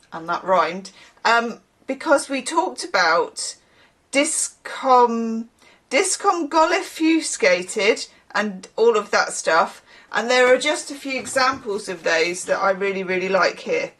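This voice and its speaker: A woman's voice: mid-range voice, fairly bright tone. A woman hosting a tarot channel, chatting playfully on her own and trying out odd words in mock example lines. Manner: playful, reads words out slowly and tries them in mock example voices. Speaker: tarot reader and channel host. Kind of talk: casual solo talk to camera.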